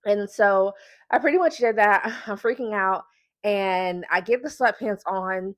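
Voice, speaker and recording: A woman vlogger chatting straight to camera at a mid-range pitch. She tells her story with animated energy, keeps breaking into laughter, and leans heavily on filler words. The sound is dry and close, with no room echo. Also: measured pace.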